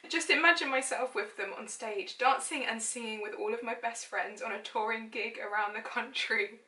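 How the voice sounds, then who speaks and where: Reading from her childhood diary, a woman in her late twenties who blogs about lifestyle chats and pokes fun at herself, with the occasional giggle. Her voice is a little high and sharp at normal speed, and the mic sits back in an echoey room.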